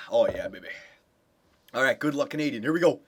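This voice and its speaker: Excitable young man cheering a game. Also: medium pitch, brisk. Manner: excited cheering for his team. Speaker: gameplay commentator. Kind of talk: casual video game commentary.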